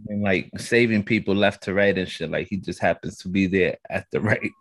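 A man's voice: sits low, steady tone, a little fast, a bit bright. A young man co-hosting a podcast, talking in a loose, slangy way and addressing the listeners as guys. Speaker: podcast co-host. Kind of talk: casual chat.

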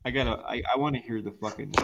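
A man's voice: medium pitch, fast, creaky, muffled recording, a crowd in the background. A man co-hosting a podcast, trading crude jokes and mock commercials and laughing often. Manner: laughs often, joking and raunchy. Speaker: podcast co-host. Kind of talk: crude comedic banter and fake ads.

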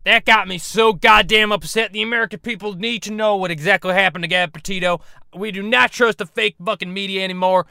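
A man's voice: high voice, steady tone, fairly quick, pushed and bright, no room sound, clean studio sound, heavily acted. A man doing a foul-mouthed ranting bounty hunter. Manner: gruff, swearing, bullying rants. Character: profane hot-headed male bounty hunter, impression. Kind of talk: parody voice acting.

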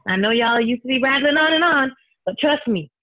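A woman calling into a group session, sharing in a lively, informal, laughing way. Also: sits high, a little fast. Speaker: caller on a group call. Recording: tinny phone line.

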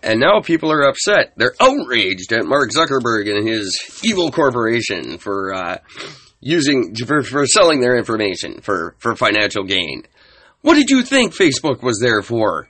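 A man hosting a comedic solo podcast rant, sarcastic and exasperated, with a husky voice. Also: mid-range voice, wildly swooping pitch, moderate pace, a bit bright, no echo. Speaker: podcast host.

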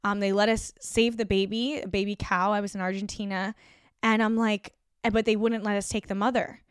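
A woman's voice: medium pitch, flat delivery, brisk, smooth, dry recording, studio quality. A young woman hosting a podcast, talking in a rambling, earnest way with many fillers and restarts. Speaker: podcast host. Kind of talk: casual spoken reflection.

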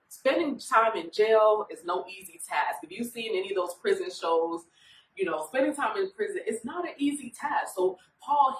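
A woman minister leading a Bible study in an informal, conversational way, often checking in with her listeners. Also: fairly high pitch. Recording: echoey room, voice far from mic.

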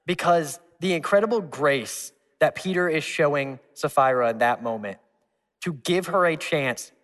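A man preaching a sermon, spinning a personal story and acting out the people in it. His voice sits fairly high for a man. A long hall reverb trails every phrase. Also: normal speed. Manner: animated, acts out voices, laughs at his own story. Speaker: pastor.

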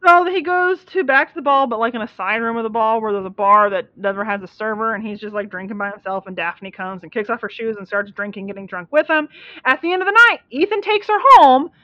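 A woman's voice: fairly high pitch, quick pace. A woman animatedly recapping a book in casual chat, playing with the words as she goes. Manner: animated, repeats words playfully. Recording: dull, dry lo-fi audio.

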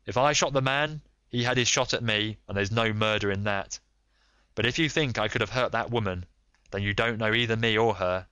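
A man reading a volatile American man, grieving and defiant, with an American accent, loud and pleading. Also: lowish voice, a little fast, clean tone, dry recording. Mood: cold.

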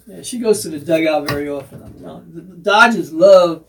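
High-pitched male co-host, wisecracking sidekick, heard from off-mic. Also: fairly quick, vocal fry, slight background noise. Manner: wisecracking, chimes in with crude punchlines. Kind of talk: joking talk show banter. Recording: voice distant from the mic.

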